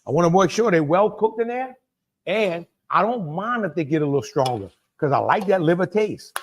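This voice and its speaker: A man with a Cajun accent walks viewers through a dish live, talking loosely and circling back on his own phrases. His voice sits a bit higher than most men's. He calls out to people in the chat by name as he cooks. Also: expressive, normal speed, a little hiss or hum. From Louisiana. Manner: chatty, repeats himself, talks to viewers by name. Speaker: cooking show host. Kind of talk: live cooking demonstration.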